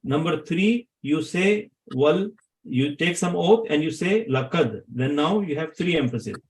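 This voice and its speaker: A man's voice: on the high side, lively intonation, unhurried, low-quality recording. A man teaching Arabic grammar to a class, often asking his students questions to check they follow.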